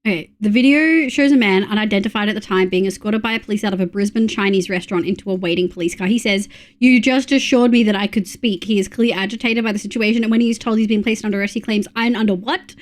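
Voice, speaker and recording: A woman's voice: mid-range voice, fairly even intonation, racing, hardly any pauses. A young adult woman with an Australian accent, chatting casually to her live-stream audience, reading things aloud and laughing often. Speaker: livestreamer.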